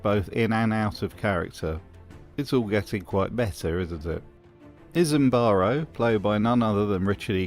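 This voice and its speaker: A man hosting a comedic video essay, narrating with dry, mocking commentary. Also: lowish voice.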